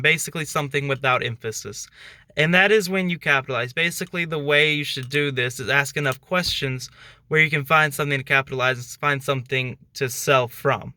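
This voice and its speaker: A man's voice: on the high side, fairly quick, pushed and bright, smooth, no echo. A young man hosting his own channel, giving a casual talk-to-camera tutorial in a loose, chatty way full of fillers. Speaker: channel host giving sales tips.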